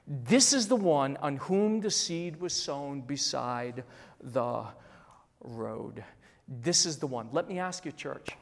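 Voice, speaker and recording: A pastor in their fifties preaching a sermon emphatically, repeating phrases and dropping to a hush on key words. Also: mid-range voice. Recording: long hall reverb.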